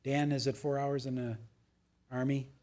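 A man's voice: medium pitch, little pitch movement, normal speed, darkish tone. A man preaching a verse-by-verse sermon as pastor, reading verses with emphasis and adding casual asides to the congregation.

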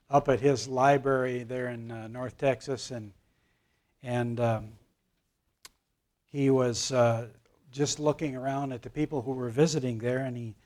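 A man teaching a Bible class, telling jokes to older listeners in a halting manner full of fillers and restarts. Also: medium pitch, a little mellow. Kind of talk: joke-telling Bible lesson.

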